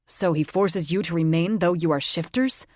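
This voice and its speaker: A man's voice: fairly high pitch, normal speed, no echo, studio quality, natural voice. A woman doing an indignant teen shifter brother. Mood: disbelieving. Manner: rising, indignant.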